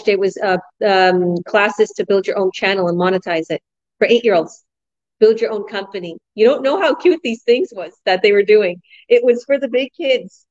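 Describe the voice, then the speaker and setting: A woman and mother, a business coach hosting a casual group chat, who tells stories with lively energy and acts out her kids' voices. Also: mid-range voice, dry recording, muffled recording. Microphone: video call.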